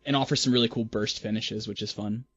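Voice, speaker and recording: Easygoing podcast guest, dull audio. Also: male voice, fairly low pitch, fairly even intonation, quick pace, fairly bright tone, breathy edge. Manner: easygoing, self-conscious, laughs it off. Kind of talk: casual podcast chat.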